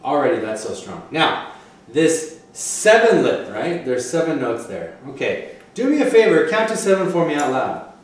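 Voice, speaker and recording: A man's voice: a little high, very animated, normal speed. Male music teacher, encouraging lesson delivery, counts beats aloud; distant mic, very reverberant room. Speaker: clarinet teacher. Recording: echoey room from a distance, faint noise.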